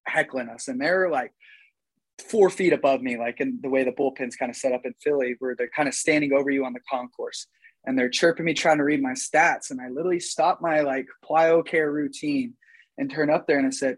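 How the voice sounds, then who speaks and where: A man's voice: mid-range voice, a little fast, husky, no room sound, rough recording. A young man chatting casually as a podcast guest, rambling with lots of "like" fillers. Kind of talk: casual chat.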